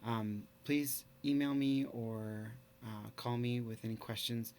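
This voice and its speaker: A man teaching a recorded online lesson in a casual, halting way, full of fillers. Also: mid-range voice, slight background noise. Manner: relaxed, casual.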